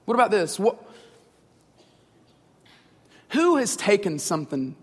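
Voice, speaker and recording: A man's voice: sits high, big pitch swings, slow pace. A man in his thirties preaching a sermon, earnest and conversational, pressing his listeners with repeated questions. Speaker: pastor. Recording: long hall reverb.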